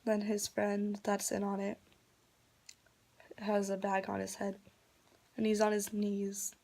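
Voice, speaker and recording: A woman vlogger in a subdued, disgusted retelling, sometimes dropping to a soft half-whisper. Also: medium pitch, completely flat delivery, slow, creaky, a little hiss or hum. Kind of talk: reaction commentary.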